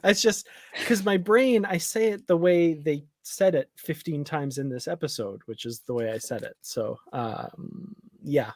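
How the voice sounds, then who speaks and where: A man's voice: fairly high pitch, no room sound, studio quality. Chatty man co-hosting a live show. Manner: chatty, laughs often, halting with fillers. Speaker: podcast co-host. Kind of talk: casual live discussion.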